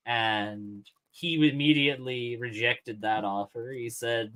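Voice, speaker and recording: A man's voice: medium pitch, fairly even intonation, slow, hardly any pauses, fairly bright tone, poor audio. A man from Canada chatting casually as a guest on a live stream, telling a long story in a rambling way. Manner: rambling storyteller, restarts and fillers. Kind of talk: casual chat.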